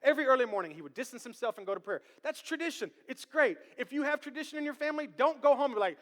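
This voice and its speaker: High-voiced pastor in reverberant hall. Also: male voice, rapid-fire, few pauses. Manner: animated, repeats words, builds to emphatic questions. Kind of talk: sermon. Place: church sanctuary.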